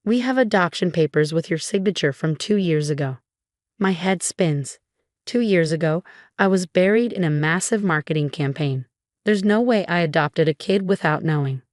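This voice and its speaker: Woman narrator for a first-person family drama, lower voice, dry close sound, does all the dialogue herself. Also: lively intonation, normal speed, no echo. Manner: reads other characters' lines in her own voice.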